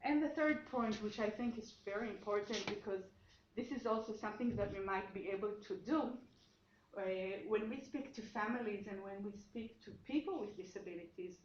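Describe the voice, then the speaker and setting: A woman's voice: medium pitch, fairly quick. Woman lecturing in an echoey room. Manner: explanatory, thinking aloud with frequent restarts. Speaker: seminar lecturer and researcher. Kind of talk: academic seminar talk. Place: seminar room, indoors. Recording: echoey room, dull sound, faint noise.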